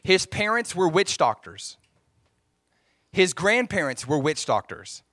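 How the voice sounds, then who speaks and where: A man preaching through a story, animated and acting out the voices of the people in it. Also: sits high, slow pace, no room sound, studio quality. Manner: animated, acts out quoted voices. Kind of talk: sermon storytelling.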